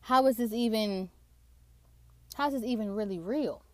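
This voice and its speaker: A woman's voice: a little high, moderate pace, no echo. A young woman telling a personal faith testimony in a casual, emotional way, often saying "like". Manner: emotional, excited, fills with "like".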